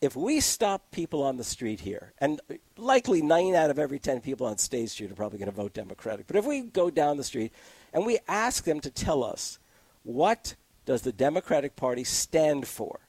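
Animated man talking politics. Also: a little high, husky, no room sound. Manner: animated, argumentative, quick to laugh. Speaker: political commentator guest. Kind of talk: casual political discussion. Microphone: close studio mic.

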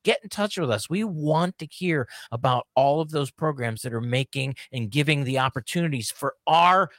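A man's voice: a little high, expressive, moderate pace, fairly bright tone, no room sound, clean studio sound. A man hosting a radio talk show, talking casually and with enthusiasm, laughing often. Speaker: radio host.

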